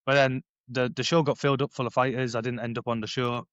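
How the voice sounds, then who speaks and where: A man in his thirties tells his story as a podcast guest at a brisk clip, lively and full of quoted dialogue. The sound is dry and a little dull, with no room around it. He swears and laughs easily as he tells it. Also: medium pitch, clear, resonant tone, no room sound. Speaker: podcast guest, former paratrooper and bare knuckle fighter. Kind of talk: casual storytelling interview. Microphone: headphones on, sitting at a podcast mic.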